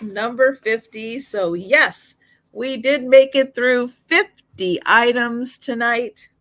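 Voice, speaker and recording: A woman's voice: fairly high pitch, a bit bright. A woman hosting a live online sale, listing vintage items and prices one by one with fillers, her voice slightly worn. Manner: slow, item-by-item pricing with fillers.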